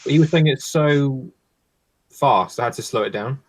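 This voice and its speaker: A man's voice: mid-range voice, normal speed. A man in his twenties joking and teasing in a casual live stream chat. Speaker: co-host.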